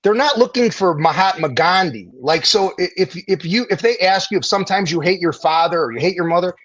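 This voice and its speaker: A middle-aged veteran and former firefighter tells stories in a casual interview, animated and profane, acting out the people he quotes. His voice is high-pitched and a little fast, captured with lo-fi sound.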